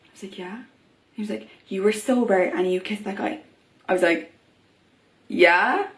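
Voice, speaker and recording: A woman's voice: medium pitch, normal speed. A young woman vlogging in a chatty way, full of fillers, acting out the voices of people she quotes. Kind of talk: casual talk to camera. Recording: echoey room.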